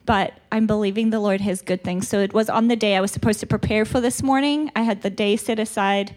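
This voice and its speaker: A woman's voice: medium pitch, steady tone, a little fast, darkish tone. A South African woman giving a candid, chatty church retreat talk with a stuffy nose, laughing at herself now and then. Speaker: retreat speaker. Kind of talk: conversational church teaching.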